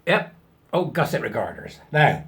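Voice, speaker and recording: A man's voice: medium pitch, sing-song, moderate pace, a bit bright. A middle-aged man hosting his own show, talking in a chatty, sarcastic way and laughing at his own jokes. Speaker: host. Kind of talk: casual commentary.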